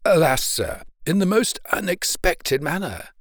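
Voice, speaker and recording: A man doing a calm, resolute young sailor. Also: sits high, a little slow, dry recording, clean studio sound, pitched above the performer's own voice. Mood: grave. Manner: steady, grave and respectful.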